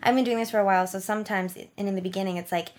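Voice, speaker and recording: A woman's voice: medium pitch, fairly even intonation, very fast, darkish tone. A young woman chatting casually as an interview guest, filling her talk with "like" and acting out what she said. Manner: chatty, peppered with "like", acts out quotes. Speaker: guest, performer.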